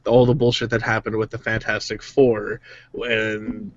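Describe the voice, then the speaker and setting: A man's voice: on the low side, flat delivery, normal speed, no echo, muffled recording. A man co-hosting a casual podcast chat, making his points in an emphatic, argumentative way. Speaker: podcast co-host.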